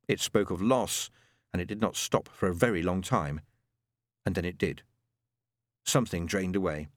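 A man narrating a novel as an audiobook with expressive, dramatic storytelling. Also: fairly low pitch, no room sound, clean studio sound.

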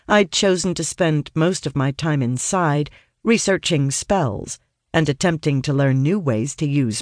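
An audiobook narrator reading a first-person fantasy story in an earnest, studious manner, turning lively in dialogue. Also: mid-range voice, no room sound, studio quality.

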